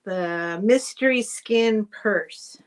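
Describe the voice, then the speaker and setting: A woman's voice: medium pitch, very slow. A middle-aged woman chatting casually while selling items on a live stream, rambling and thanking buyers by name. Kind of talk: casual live sale chat.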